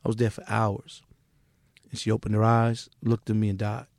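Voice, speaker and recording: A man's voice: on the low side, completely flat delivery, normal speed, creaky, darkish tone, no echo, studio quality. A middle-aged man from Queens with a New York accent, a music manager telling his story bluntly and profanely as a podcast guest. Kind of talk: candid podcast interview.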